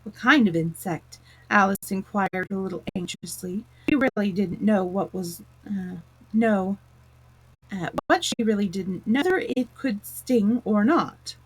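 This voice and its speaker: A woman reading a children's storybook aloud in a gentle, expressive way. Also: mid-range voice, measured pace, breathy edge, low-quality recording.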